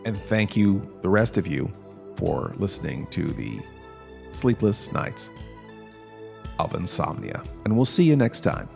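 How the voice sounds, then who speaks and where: Gravelly man hosting a comedy podcast. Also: low voice, big pitch swings, unhurried, long pauses, music in the background. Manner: rambling, self-mocking, with many fillers. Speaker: podcast host. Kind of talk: casual comedy podcast chat.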